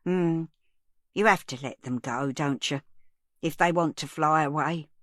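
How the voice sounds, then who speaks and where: Woman reading as a kind chatty old lady, low voice, dead dry sound. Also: unhurried, fairly bright tone, dry recording. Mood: gentle. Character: kindly older woman, chatty and guileless.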